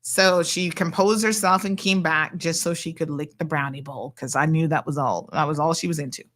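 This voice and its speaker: A woman's voice: low voice, normal speed, a bit bright. A woman hosting a radio show from the studio, chatting casually and reading out listener messages.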